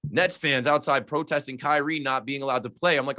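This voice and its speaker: A man's voice: medium pitch, brisk, few pauses. A man from the New Jersey shore, a sports radio host, chatting on a podcast in an emphatic way and acting out the people he quotes. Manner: emphatic, acts out quoted exchanges in lively voices. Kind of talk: casual podcast chat.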